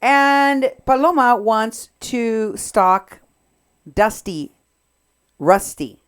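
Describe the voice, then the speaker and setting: A woman hosting a talk show, retelling events with animated emphasis while commenting on audio clips. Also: a little high, extremely slow, clean tone. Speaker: podcast host.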